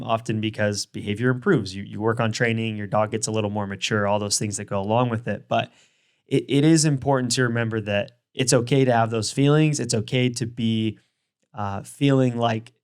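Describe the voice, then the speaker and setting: Casual young man giving friendly dog advice. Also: medium pitch. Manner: conversational, many fillers and restarts. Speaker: dog training video host.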